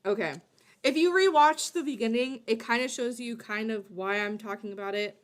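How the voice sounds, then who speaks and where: A woman's voice: on the high side, normal speed. A woman streamer reacting to a video in rambling, stop-start casual chat, swearing freely.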